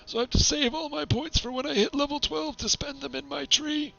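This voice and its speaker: A man's voice: extremely high pitch, steady tone, fairly quick, creaky, pushed and bright, muffled recording. A man giving chatty, self-deprecating commentary while streaming a game.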